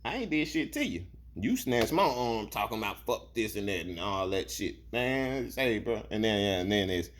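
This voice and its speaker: A young man from Alabama, delivering a blunt, profane, heated rant to camera. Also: on the low side. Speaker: vlogger. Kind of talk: ranting monologue.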